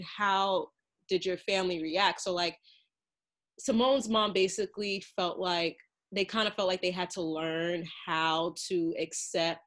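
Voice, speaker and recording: A woman's voice: on the low side, a bit bright. A woman hosting a podcast who asks long, searching interview questions full of fillers. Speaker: podcast host. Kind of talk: casual interview.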